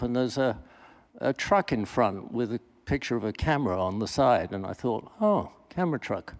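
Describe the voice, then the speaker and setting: A man from England chairing a festival panel, telling a lively anecdote and acting out the voices in it. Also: mid-range voice. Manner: lively storyteller, acts out quoted voices. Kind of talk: anecdote to an audience. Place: festival panel before an audience.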